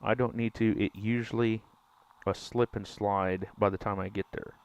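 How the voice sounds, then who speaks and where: A man's voice: on the low side, fairly even intonation, normal speed, no echo. A man, casually joking and teasing his chat during a live game stream. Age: 20s. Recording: dull lo-fi stream mic.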